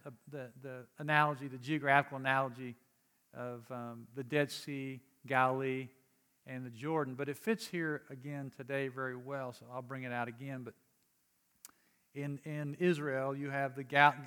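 A man preaching a sermon in a conversational way, moving from quiet explanation to emphatic urging. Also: medium pitch, clean tone. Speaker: pastor.

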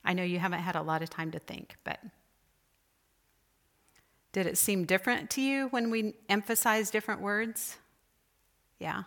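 Teaching about spiritual disciplines at church, this woman keeps things conversational and poses questions to her listeners. Her medium-pitched voice is steady and a bit bright, at a moderate pace broken by long pauses.

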